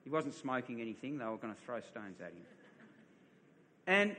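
A man's voice: mid-range voice, sing-song, moderate pace, bright, forceful tone, slight background noise. A man, middle-aged, preaching a sermon as a pastor, telling a story with many repeated words and laughing at himself. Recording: long reverb of a large hall.

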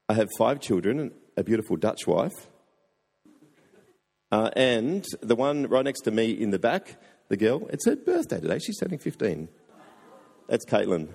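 A man in his forties preaches a sermon, telling a story with earnest feeling and slipping into the voices of the people in it. His voice sits low and gravelly with a husky edge, and it rings out with the long reverb of a big hall. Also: a little mellow. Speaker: pastor.

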